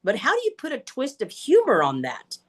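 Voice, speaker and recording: A woman speaker answering questions on a video call, with an animated storytelling delivery. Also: fairly high pitch, fairly quick. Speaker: guest speaker. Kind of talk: Q&A answers in an online meeting.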